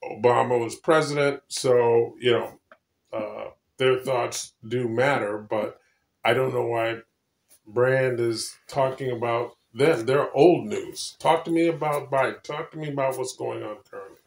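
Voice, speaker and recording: A man's voice: medium pitch, unhurried, gravelly. A man hosting a casual political chat, blunt and prodding, repeating his points. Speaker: podcast host. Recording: echoey room.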